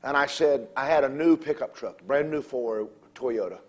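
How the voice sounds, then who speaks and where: A man preaching a revival sermon, telling stories, shouting at times and calling for amens. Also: mid-range voice, normal speed.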